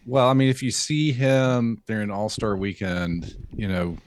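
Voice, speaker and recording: A man who is a podcast guest in casual chat, calm and matter-of-fact. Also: lowish voice, measured pace, no room sound.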